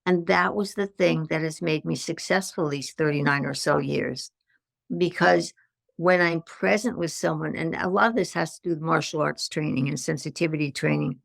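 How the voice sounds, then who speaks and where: Gravelly-voiced older woman telling stories. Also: sits low, normal speed, dry recording, studio quality. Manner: animated anecdotes with acted-out quotes. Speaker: guest, stress management consultant. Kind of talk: storytelling in a podcast interview.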